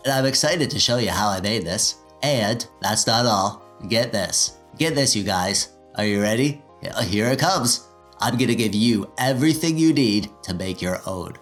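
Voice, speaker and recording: A man in his thirties with a nasal, slightly stuffy voice that sits on the low side. He talks in a casual, self-deprecating vlog style, sarcastic one moment and excitable the next. Faint music plays quietly behind him. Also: moderate pace. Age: 30s. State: stuffy, getting over an illness. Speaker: DIY tech vlogger.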